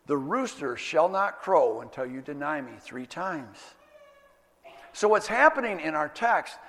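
A pastor giving an earnest sermon, stressing key words and slowing down to drive points home. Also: male voice, high voice, fairly bright tone, long reverb tail. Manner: earnest, emphatic teaching with slowed stresses.

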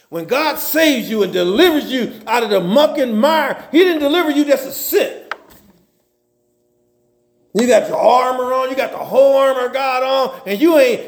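A man preaching a sermon, telling Bible stories in a lively, folksy and humorous way. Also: very high voice, vocal fry. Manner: animated, folksy storytelling with humor. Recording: roomy echo.

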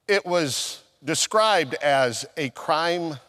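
A male pastor preaching a sermon, telling a personal story and acting out his own past conversations, with swings from loud emphasis down to near-whispers. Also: fairly high pitch, expressive, takes it slowly, in a large hall.

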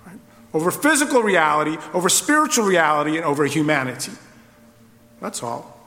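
A man's voice: fairly high pitch, animated, a little fast, bright, forceful tone, roomy sound, big-room sound. A man preaching an expository sermon, asking the listeners rhetorical questions. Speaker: pastor.

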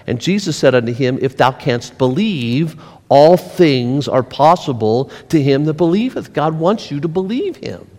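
Animated male preacher in a reverberant hall. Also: fairly high pitch, measured pace. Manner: animated preaching, swings from mocking mutters to loud exclamations. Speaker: pastor. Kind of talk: sermon.

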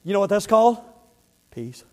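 A man preaching a sermon as a pastor, telling a story in a casual way and then dropping to hushed emphasis on key words. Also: high voice, big pitch swings, normal speed. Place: church sanctuary. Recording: long church reverb.

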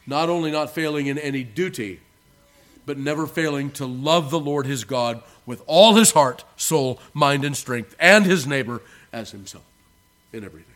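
A male pastor preaching a sermon to his congregation, earnest and emphatic, slowing down on key words and swinging between soft low asides and raised phrases. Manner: addresses the congregation as beloved. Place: church.

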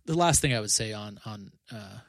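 A pastor talks in a relaxed podcast conversation, his voice low and gravelly. He speaks earnestly, often restarting his phrases and tucking in 'you know', and the sound is close and dry with no room around it. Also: moderate pace, no room sound.

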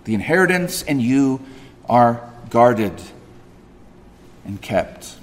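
A man preaching a sermon, swinging from loud emphatic peaks to soft quiet asides. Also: mid-range voice, lively intonation, slow pace, big-room sound. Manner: frequent fillers and restarts in asides. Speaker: pastor.

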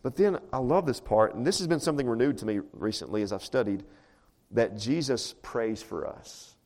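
This pastor's mid-range voice is a little mellow, with lively intonation and a moderate pace. Standing before the congregation in church, he preaches in a casual, conversational way, frequently asking rhetorical questions.

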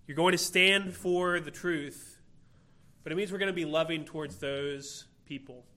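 Male preacher, sermon delivery, earnest and emphatic, bright voice, slightly high pitch. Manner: earnest, rhetorical questions, slow emphatic phrasing.

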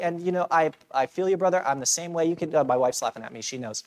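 A man's voice: fairly high pitch, lively intonation, fast, hardly any pauses, a little mellow. Man pastor, casual conversational sermon delivery with self-deprecating humor. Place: church.

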